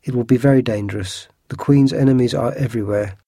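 A man's voice: mid-range voice, quick pace, mellow, no room sound, studio quality, close to an everyday voice. A man reading a storybook, voicing an anxious young noblewoman who brings an urgent plea. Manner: pleading, anxious.

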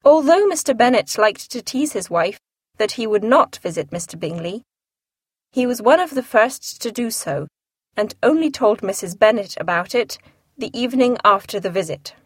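A woman reading a classic novel aloud as an audiobook narrator, in a measured, clear storytelling manner. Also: a little high, animated, no room sound, studio quality.

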